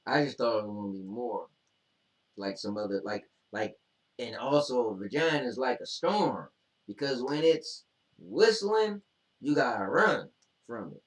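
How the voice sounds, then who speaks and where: A man's voice: mid-range voice, lively intonation, a little slow, far from the mic. A man with a drawl trades banter as co-host, reading questions aloud and spinning boastful, joking tall tales. He sits away from the mic, and the room echoes around his voice. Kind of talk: casual chat reading questions.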